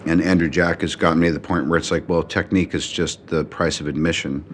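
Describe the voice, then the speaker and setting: Deep-voiced American man reflecting. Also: fairly even intonation, fast talker, slight background noise. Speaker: actor interviewed. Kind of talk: making-of interview.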